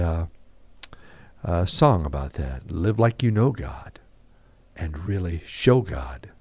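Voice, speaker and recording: A man preaching a radio devotional, reading scripture aloud and acting out the quotes with animated emphasis. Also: fairly low pitch. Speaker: radio pastor.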